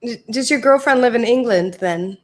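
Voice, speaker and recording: Eager, higher-voiced woman host. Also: normal speed. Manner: curious, eager questioning. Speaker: podcast host. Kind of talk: casual interview chat.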